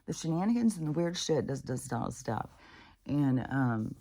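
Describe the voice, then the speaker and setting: A woman's voice: rumbling low, animated, moderate pace, dark tone. A woman talking in a casual, rambling monologue, swearing freely and restarting her sentences. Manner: profane, rambling, with frequent restarts and laughs. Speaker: vlogger. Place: at home with her dogs.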